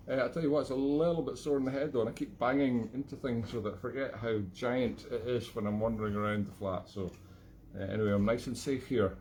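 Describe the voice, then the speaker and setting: A Scottish man, an accordion player hosting a live online gig from his flat, chatting between tunes in a rambling, self-mocking, jokey way. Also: mid-range voice, fast, a little hiss or hum. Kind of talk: casual chat between tunes.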